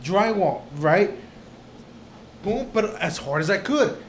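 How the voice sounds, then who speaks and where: A young man co-hosting a casual podcast, telling animated stories, laughing often and swearing. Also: high-pitched, slow pace, slight background noise. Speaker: podcast co-host. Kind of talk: casual chat.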